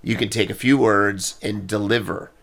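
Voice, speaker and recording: A man chatting as a podcast guest, with wry, quiet asides and a trivia-minded way of talking. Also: lowish voice, fairly even intonation, moderate pace, gravelly. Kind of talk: casual podcast chat.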